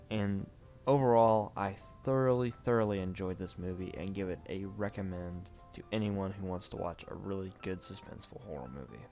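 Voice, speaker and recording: A low-voiced man talks through a run of movies in a loose, rambling way, tossing off opinions with amused laughs and restarts. The recording is dull and lo-fi, with faint music underneath. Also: darkish tone. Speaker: movie reviewer. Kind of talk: casual spoken film commentary.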